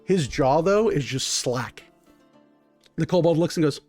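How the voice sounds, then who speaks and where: A man's voice: on the high side, animated, measured pace, a little mellow, faint music behind. Loose, vivid man narrating as game master. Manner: vivid, loose storytelling with many fillers. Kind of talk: improvised tabletop game narration.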